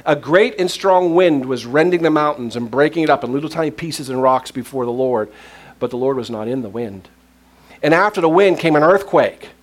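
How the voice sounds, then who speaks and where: A man's voice: mid-range voice, brisk. A man preaching a sermon, telling stories, laughing often and dropping to a near-whisper at tender moments. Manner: laughs often while speaking.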